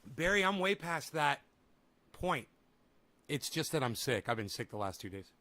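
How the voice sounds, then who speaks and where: A man's voice: mid-range voice, big pitch swings, normal speed, sharp tone. A man chatting casually on a livestream while sick and a little winded, rambling and swearing freely. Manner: rambling, swears freely, talks to his dog and chat. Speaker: livestream host.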